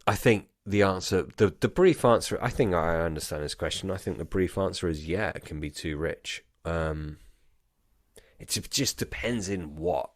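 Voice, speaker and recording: A man's voice: low voice, moderate pace, no echo, studio quality. A drunk man co-hosting a podcast in casual chat, rambling and swearing as he goes off on tangents. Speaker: podcast co-host.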